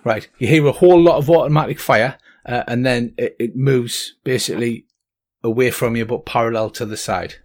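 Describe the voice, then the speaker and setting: A man's voice: medium pitch, moderate pace. A man narrating a tabletop game as game master, with many ums and restarts. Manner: hesitant, lots of ums and restarts.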